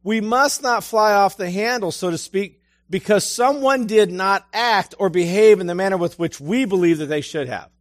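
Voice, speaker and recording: A middle-aged man delivers a sermon in an easy, talking-to-you manner and keeps turning questions on his listeners. His voice sits a little high for a man. The sound is dry and close, with no room echo. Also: moderate pace, hardly any pauses. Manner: conversational storytelling, asks the listeners questions. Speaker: preacher.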